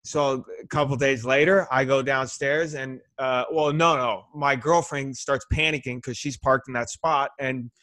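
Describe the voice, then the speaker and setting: A man telling a long, rambling story in casual chat, animated and swearing a lot. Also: medium pitch, moderate pace, hardly any pauses, no echo. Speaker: podcast co-host.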